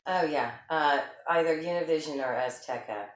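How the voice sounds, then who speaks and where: In an echoey room, a woman co-hosts a podcast, keeping the casual chat playful and teasing and laughing easily. She has a deep voice and speaks at a normal speed.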